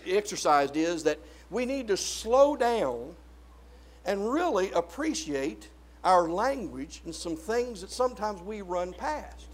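A man preaching a sermon, drawing out single words and swinging from loud, stressed peaks down to low, quiet asides. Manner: rising to loud emphatic peaks, then dropping low.

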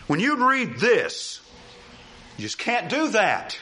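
A man preaching a sermon, animated and emphatic, asking rhetorical questions and repeating key phrases. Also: high voice, slow. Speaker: pastor.

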